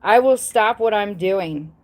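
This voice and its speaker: A woman's voice: medium pitch, slow pace. A woman from the American South with a Southern accent, chatting casually on a livestream, rambling and repeating herself with lots of ums and blunt asides. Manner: rambling, repetitive, blunt with frequent ums and mild swearing. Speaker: YouTuber on a livestream.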